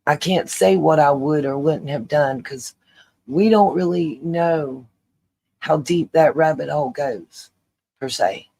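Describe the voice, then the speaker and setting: A woman's voice: sits low, slow pace, vocal fry, dark tone. A woman hosting her own channel, giving opinion commentary straight to her viewers, emphatic and repeating her points for weight. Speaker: channel host.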